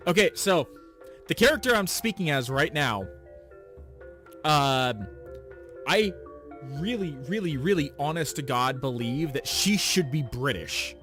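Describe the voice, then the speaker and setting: A man's voice: a little high, lively intonation, a little slow, pauses often, fairly bright tone, soft background music. A man hosting a let's play, reading a visual novel aloud and breaking off for chatty, self-deprecating asides.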